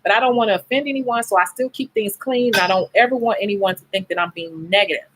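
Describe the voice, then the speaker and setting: A woman's voice: medium pitch, fast talker, noisy background. A tired, sleep-deprived woman who works as a nail technician talks bluntly and emotionally to her viewers in a candid livestream chat. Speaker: nail technician and beauty YouTuber.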